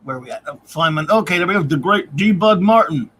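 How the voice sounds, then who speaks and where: A man's voice: a little high, lively intonation, fast, a bit bright, husky. A man hosting a casual live-stream review, reading out viewer comments and grades and chuckling often. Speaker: podcast host.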